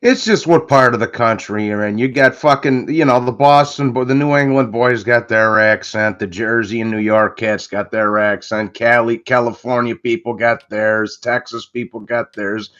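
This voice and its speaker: A man's voice: medium pitch, steady tone, moderate pace, few pauses, a bit bright, muffled recording. A man with a Midwestern American accent on a boxing podcast, swearing freely and repeating himself in casual chat. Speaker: podcast panelist.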